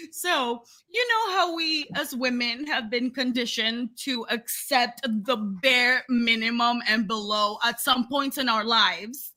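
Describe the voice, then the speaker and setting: A young woman co-hosting a podcast, telling a story in casual chat, animated and laughing, acting out other people's voices. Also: on the high side, takes it slowly. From Latina. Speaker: podcast co-host.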